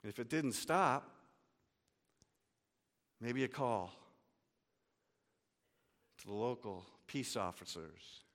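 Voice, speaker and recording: A man's voice: medium pitch, animated, slow pace, pauses often, fairly bright tone, long reverb tail. A male pastor preaching a sermon, telling the story vividly and dropping casual asides.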